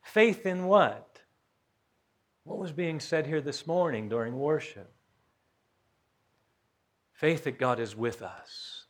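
A man preaching a sermon as pastor, folksy, questioning his congregation and rising to loud emphasis. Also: fairly high pitch, slow pace, long pauses.

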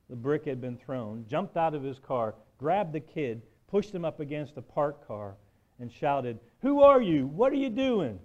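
A man's voice: fairly high pitch, darkish tone, lo-fi sound. Male preacher telling a story in a sermon. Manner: conversational storytelling, frequent "right?" and "um".

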